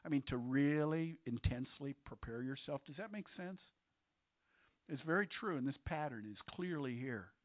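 A man's voice: on the high side, normal speed, no echo. A male pastor preaching a sermon in a conversational way, quizzing the congregation with questions. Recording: dull, lo-fi sermon audio.

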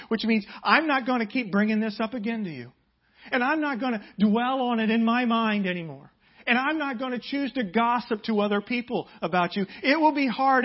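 A man preaching a sermon as pastor, building to loud, emphatic passages and dropping to quiet prayer. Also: dull audio. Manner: emphatic preaching, rising loud and high on key points.

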